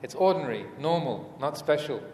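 A man teaching as a Buddhist monk in a dharma talk, speaking hesitantly with many fillers and restarts and gentle humor. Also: fairly high pitch, lively intonation, fairly quick. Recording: echoey hall, faint room noise.

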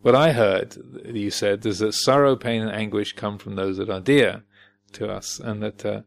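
A man voicing a proud, stubborn king who talks in a blustering, halting way. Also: fairly low pitch, steady tone, creaky. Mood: indignant.

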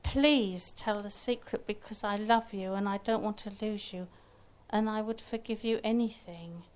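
Grieving husband, earnest and begging, gentle; a woman narrator voices him. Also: medium pitch, unhurried, lightly acted. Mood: pleading. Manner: earnest, pleading. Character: grieving young husband, pleading and forgiving.

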